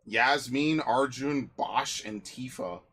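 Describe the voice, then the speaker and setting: A man's voice: medium pitch, slow pace, fairly bright tone. A man streaming games, chatting casually and ranting with a lot of swearing. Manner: profane, ranting, exasperated. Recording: music behind voice.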